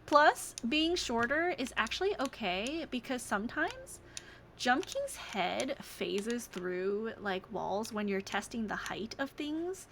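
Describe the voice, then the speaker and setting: A young adult woman streamer chatting casually over a game, soft-spoken and gushing. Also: fairly high pitch, big pitch swings, takes it slowly, slight background noise.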